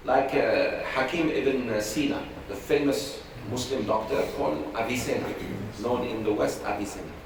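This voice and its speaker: A man teaches a religious class conversationally, acting out quoted voices as he tells stories. His voice is medium-pitched and moderately paced with hardly any pauses, recorded from far off in a noisy, echoey room.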